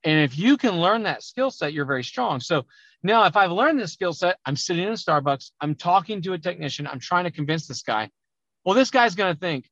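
Loud, emphatic man on a dull podcast line. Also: high voice, a little fast, no room sound. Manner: loud, emphatic, animated talker. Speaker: auto repair business coach. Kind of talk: conversational podcast interview.

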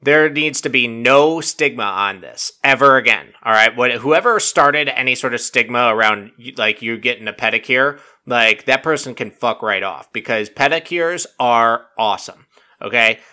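With a mid-range voice at normal speed, a man recapping a reality dating show on his podcast rambles profanely. He leans heavily on "like" and other fillers, acting out scenes with mock quotes.

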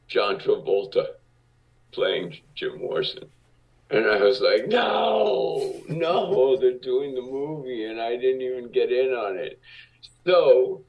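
A man from Cuba, a guest on an interview show, telling anecdotes in a lively way and acting out what people said. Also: fairly low pitch. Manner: animated, acts out quotes. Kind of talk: casual interview storytelling. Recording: distant, dull lo-fi audio.

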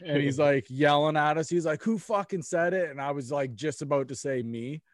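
Young man, casual storyteller, profane and animated, dry close sound. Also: on the high side, moderate pace, no echo. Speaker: storyteller among friends. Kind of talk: casual chat.

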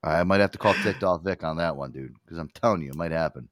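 A man's voice: extremely low pitch, quick pace, no room sound, studio quality. A man hosting a radio show in casual, profane banter, often slipping into mocking voices. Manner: animated, profane, breaks into mimicking voices.

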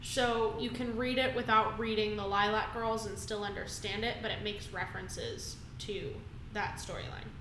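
A woman's voice: medium pitch, steady tone, moderate pace, a bit bright. A young woman in her twenties co-hosting a casual podcast, often giggling and saying um. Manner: giggly, many ums. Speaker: podcast co-host. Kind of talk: casual chat. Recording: roomy with faint background hiss.

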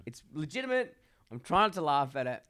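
A man's voice: a little high, sing-song, brisk, bright, forceful tone, no room sound. A young man co-hosting a podcast, telling rambling crude stories and swearing constantly. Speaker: podcast co-host. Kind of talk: casual chat.

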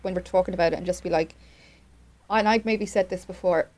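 A woman's voice: on the low side, fairly even intonation, fairly quick, a little mellow. Earnest woman in casual chat. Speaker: podcast co-host.

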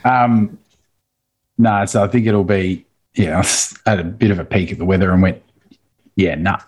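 A man co-hosts a casual podcast in a low, husky voice. He tells stories with enthusiasm and breaks into frequent chuckles. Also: moderate pace, a little mellow, low-quality recording. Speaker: podcast co-host.

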